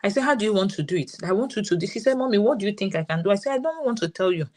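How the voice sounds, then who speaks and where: A woman's voice: mid-range voice, expressive, racing, darkish tone. A woman in her thirties with a Nigerian English accent, telling a story as a parent guest in a live session and quoting her daughter's words.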